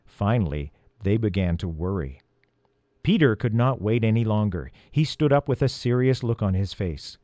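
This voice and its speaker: A man reading a chapter of a children's storybook aloud, expressive and gently paced. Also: lowish voice, normal speed, dry recording, studio quality. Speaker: audiobook reader.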